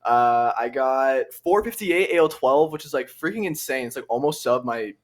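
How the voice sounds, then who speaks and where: Brief: young man from the southern US, relaxed podcast co-host, medium pitch, casual slang. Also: normal speed. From southern United States. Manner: laid-back, laughing, slangy.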